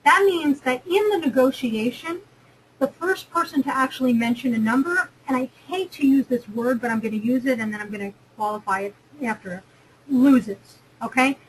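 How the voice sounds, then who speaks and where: A woman's voice: high-pitched, normal speed, a little hiss or hum, poor audio. A woman from New Jersey giving a chatty, emphatic webinar lecture on negotiation, often repeating and restarting phrases. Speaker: career webinar presenter.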